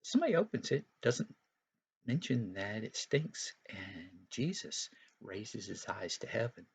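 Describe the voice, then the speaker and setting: A man's voice: fairly low pitch, big pitch swings, unhurried, vocal fry, husky. A man teaching Sunday school, retelling a Bible story for young children in a folksy, explanatory way with frequent asides.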